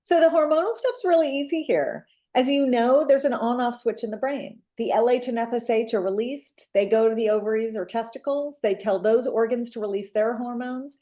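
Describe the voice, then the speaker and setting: A woman pediatrician explaining in a clear, measured way. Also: on the high side, warm tone. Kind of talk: explanatory talk.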